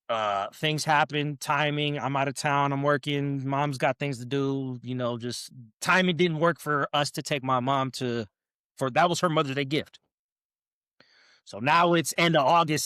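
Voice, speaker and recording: A man's voice: mid-range voice, no room sound, studio quality. A young man, a podcast guest, telling a story in casual chat and acting out what people said to him. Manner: animated, acts out quotes in raised voices.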